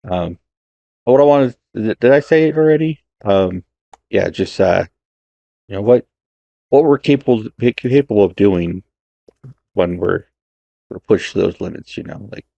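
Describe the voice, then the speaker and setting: A young man co-hosting a film podcast, talking hesitantly with many pauses and restarts. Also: fairly low pitch, lively intonation, gravelly, mellow, dry recording, muffled recording. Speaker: podcast co-host. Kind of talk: casual film podcast chat.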